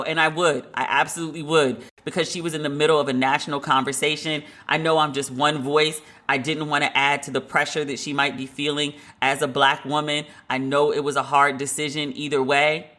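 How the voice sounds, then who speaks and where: A woman podcast host giving a casual, animated commentary monologue, laughing and emphatic as she talks. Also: sits low, brisk.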